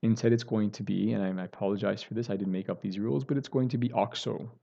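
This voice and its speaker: Male chemistry teacher, lowish voice, recorded lecture with a muffled computer mic; talks through steps, checks in with the class. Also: steady tone, fast talker, gravelly, dark tone. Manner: explains step by step, self-correcting, many "right?" and "okay" checks.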